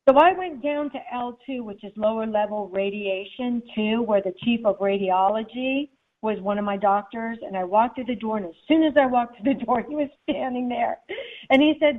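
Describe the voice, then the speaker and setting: Woman guest telling her story all animated, acts out everyone, bit high voice, sounds like a phone line. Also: moderate pace. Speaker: guest author. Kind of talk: storytelling in an interview.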